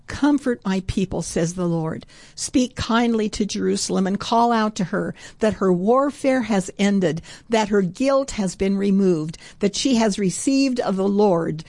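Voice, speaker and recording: Woman Bible teacher, mid pitch, earnest and eager reading verses aloud, dead-dry close recording. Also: no echo. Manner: warm, earnest, reads scripture aloud with growing excitement.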